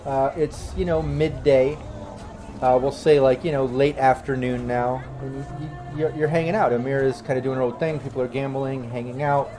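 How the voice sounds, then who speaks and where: A man's voice: mid-range voice, steady tone, moderate pace, music in the background. A man running a tabletop game for a live stream, chatty and laid-back, laughing often. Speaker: game master.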